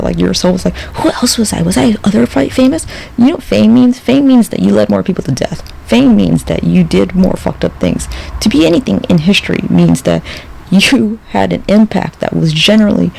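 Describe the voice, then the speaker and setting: A man's voice: high voice, gravelly, darkish tone, slight background noise, poor audio. A man hosting a podcast, talking in a casual, rambling monologue full of profanity and sardonic asides. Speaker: podcast host.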